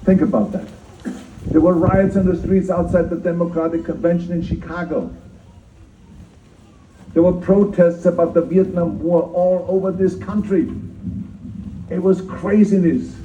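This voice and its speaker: An older man with a German-speaking accent delivers a public speech, pressing hard on his key lines and repeating them. His voice sits a little high for a man but sounds dark and heavy. It comes from far off, echoey and dull, as if an audience member filmed it on a phone. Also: fairly even intonation, unhurried, pauses often, slight background noise. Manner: emphatic, repeats key phrases, self-mocking humor. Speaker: keynote speaker at a citizenship ceremony. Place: outdoor ceremony. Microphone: speaker's mic filmed from the audience.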